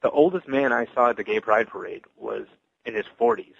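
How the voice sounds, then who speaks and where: A man giving an earnest, halting personal testimony as a Christian evangelist, full of restarts. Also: medium pitch, big pitch swings, vocal fry, no echo, muffled recording.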